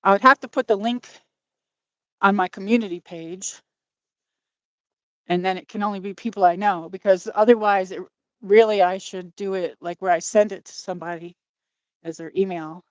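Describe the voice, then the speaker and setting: A woman's voice: medium pitch, fairly even intonation, normal speed, pauses often, no echo. A woman hosting a livestream while walking outdoors by a lake, out of breath, rambling and apologetic as she talks to her chat through a phone on a gimbal. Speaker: livestream host.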